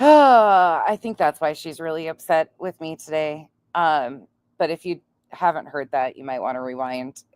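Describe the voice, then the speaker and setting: A woman's voice: deep voice, measured pace, darkish tone, clear, resonant tone, no echo. A woman from North Dakota with an upper Midwest accent and a nasal voice, giving blunt, profane reaction commentary on a stream. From North Dakota, raised in Montana.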